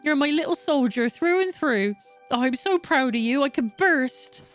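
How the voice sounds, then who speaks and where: A woman voicing a warm, proud village mother with a Cornish accent, fussing over her son. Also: high voice, expressive, normal speed, soft background music. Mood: proud, tender. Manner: doting, fussing.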